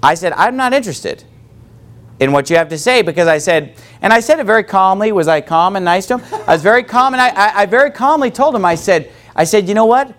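A man with a high voice preaches a sermon as a pastor, quoting scripture and asking his congregation questions. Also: animated, quick pace, few pauses, a bit bright. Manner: preaching with call-and-response from the congregation.

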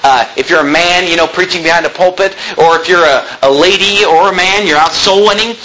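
A man's voice: high-pitched, fairly quick, pushed and bright, slight background noise, low-quality recording. A man preaching a sermon, quoting scripture in old-fashioned wording and swelling his voice for emphasis. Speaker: pastor.

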